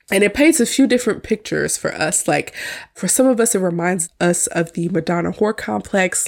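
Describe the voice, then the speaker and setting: A woman hosting a podcast, reviewing a film in a casual, wry, chatty way and laughing at her own jokes. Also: lowish voice. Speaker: podcast host.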